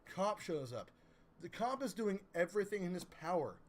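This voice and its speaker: A man co-hosting a live-streamed chat show, telling a story as a profane, animated rant. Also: sits high, moderate pace. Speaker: podcast co-host.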